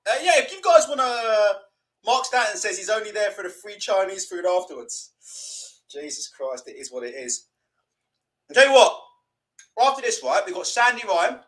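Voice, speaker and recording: A young man hosts a live boxing watch-along, mocking and sweary. His voice sits high and swings widely in pitch. It has a bright, sharp edge. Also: sing-song, moderate pace. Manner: sweary, mocking, laughs a lot. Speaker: livestream host.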